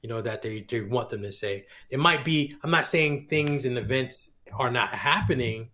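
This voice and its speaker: A man's voice: medium pitch, normal speed, sharp tone. A man chatting casually on a podcast, laid-back, often chuckling and trailing off. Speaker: podcast co-host.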